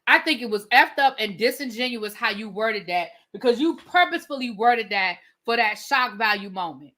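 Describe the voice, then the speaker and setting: Woman, livestream reviewer host; blunt, animated, forceful bright tone, slightly high. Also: moderate pace. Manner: blunt and opinionated, reads out viewer comments; animated, swears casually. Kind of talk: casual livestream commentary.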